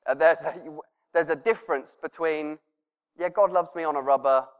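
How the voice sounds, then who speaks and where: A male pastor preaching a sermon, earnest, laughing softly and dropping to a hush when he quotes prayers. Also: on the high side, moderate pace, clear, resonant tone, long reverb tail.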